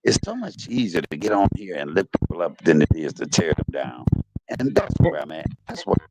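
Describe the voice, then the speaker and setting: This middle-aged livestream host speaks low and briskly with a creaky voice whose pitch swoops wildly, all over noisy stream audio. His casual chat is earnest and repetitive, and he keeps cutting in with "hold up".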